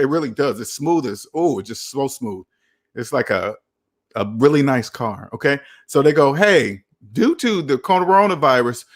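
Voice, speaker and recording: Emphatic man with a higher voice. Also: a bit bright. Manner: emphatic, repetitive, rhetorical questions. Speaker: personal finance host. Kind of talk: livestream talk to chat.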